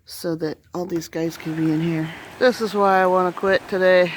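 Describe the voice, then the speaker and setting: A woman's voice: fairly low pitch, fairly even intonation, low-quality recording. A woman vlogging outdoors on a flooded farm, chatting to the camera and jokingly grumbling at her animals. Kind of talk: casual vlog narration. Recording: outdoor noise, running creek water. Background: rushing water.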